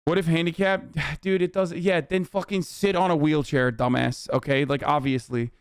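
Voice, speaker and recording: A man's voice: fairly high pitch, fairly even intonation, normal speed, smooth, no echo, clean studio sound. A young man streaming, ranting at a news clip with exasperated, profane commentary and lots of filler words. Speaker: streamer reacting to news clips. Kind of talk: live-stream reaction rant.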